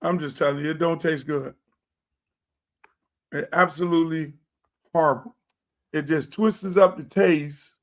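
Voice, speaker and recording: A man hosts a loose livestream chat and drifts from one thought to the next while eating. His voice sits fairly high for a man. He takes his time, with an unhurried, drawn-out delivery. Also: fairly even intonation. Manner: rambling and chatty, talking while eating. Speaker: show host.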